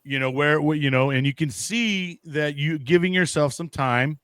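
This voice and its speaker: A man's voice: fairly high pitch, moderate pace, a bit bright, smooth, no room sound. Casual rambling man host. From United States. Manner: rambling, many restarts and fillers, casual swearing. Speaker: podcast host. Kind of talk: casual conversation.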